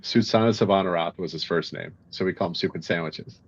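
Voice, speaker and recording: A man's voice: low voice, a little fast, background noise. A man, a military veteran, telling a wry, swearing story in casual chat, on a dull lo-fi recording. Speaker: military veteran, crew member. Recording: dull lo-fi sound.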